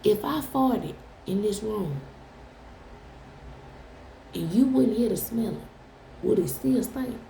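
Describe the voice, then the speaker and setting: Gravelly blunt woman in a roomy space. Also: medium pitch, expressive, slow pace, pauses often, dark tone, a little hiss or hum. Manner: blunt and profane, teasing viewers. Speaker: tarot reader. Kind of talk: casual direct-to-camera chat.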